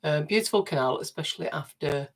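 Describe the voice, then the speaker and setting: A man's voice: a little high, lively intonation, fast talker. A man with a Manchester accent co-hosting a casual live stream, reading out viewer questions and answering them chattily. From Manchester, England. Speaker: co-host. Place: narrowboat cabin.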